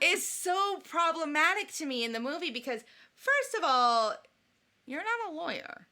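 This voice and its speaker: Bright, bubbly woman podcast co-host. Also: high-pitched, moderate pace. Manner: animated, jokey, acts out quotes. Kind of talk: casual chat.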